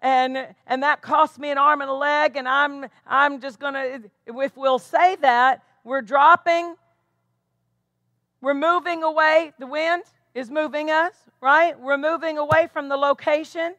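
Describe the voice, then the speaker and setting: A woman's voice: high voice, fairly even intonation, a little slow, a bit bright, dry recording. A woman pastor preaching a sermon with emphatic delivery, tossing questions back to the congregation. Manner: emphatic preaching with call-and-response asides.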